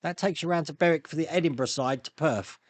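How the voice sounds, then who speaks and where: Man, live stream host, casual rambling chat, slightly higher voice, dry sound. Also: fast, no room sound. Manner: chatty, rambling, laughs often, many restarts. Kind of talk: casual chat reading viewer comments.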